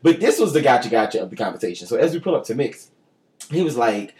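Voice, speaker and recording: A man's voice: mid-range voice, very animated, quick pace, a little mellow, roomy sound. A man telling a story in casual podcast chat, profane and laughing often. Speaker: podcast co-host.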